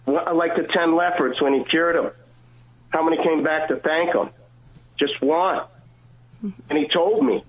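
A man's voice: fairly high pitch, steady tone. Earnest man on a tinny phone line. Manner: earnest, halting storyteller who acts out dialogue. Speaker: guest caller. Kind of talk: telling a personal faith story.

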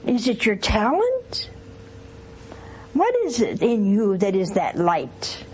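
An older woman, a nun, leads a devotional call-in broadcast at a slow, deliberate pace. She speaks earnestly and stirs her audience with repeated questions. A faint hiss sits under her voice. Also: mid-range voice, wildly swooping pitch, darkish tone, rough recording. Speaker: nun hosting a call-in TV show. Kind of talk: televised devotional teaching with call-in.

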